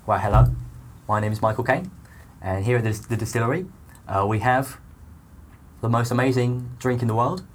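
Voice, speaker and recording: A man's voice: medium pitch, normal speed, long pauses, a little hiss or hum, lightly acted. A man doing a loose celebrity impression in comedy improv, a rambling, hesitant, self-promoting beer seller. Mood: boastful. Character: man's mock film-star impression, pushy beer seller.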